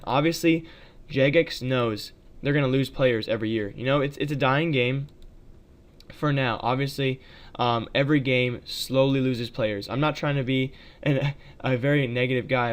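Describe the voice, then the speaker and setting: A man talks over gameplay for his channel in a loose, chatty way, with plenty of fillers and frequent asides to his viewers. His voice is smooth and clear, and his pitch sits in a middle range. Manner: chatty, addresses viewers as guys, many fillers. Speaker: gaming video creator. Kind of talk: casual gameplay commentary.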